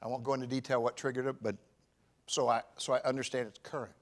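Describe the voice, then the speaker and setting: A pastor in his fifties preaching a sermon, swinging from shouted emphasis to quiet, personal confession. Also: medium pitch, flat delivery, quick pace. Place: church.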